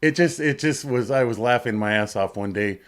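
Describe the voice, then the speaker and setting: A man's voice: medium pitch, moderate pace. A man chats casually as a guest, telling a loose, rambling story. He chuckles often and drops his voice as his sentences trail away. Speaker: guest on a livestream. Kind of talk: casual group chat.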